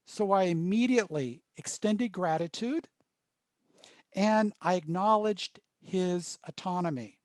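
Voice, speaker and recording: A man leading a workshop, telling stories in short, paused phrases. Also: high voice, darkish tone, no room sound. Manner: storytelling, pausing in short phrases. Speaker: workshop trainer. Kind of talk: workshop presentation.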